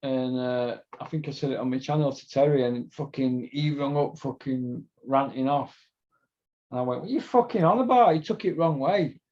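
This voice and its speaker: Speaking in a warm, medium-pitched voice with fairly even intonation and a moderate pace, this Doncaster podcast host tells casual stories. The middle-aged man has a South Yorkshire accent and wanders through laughing, sweary tales. The recording sounds dull and lo-fi.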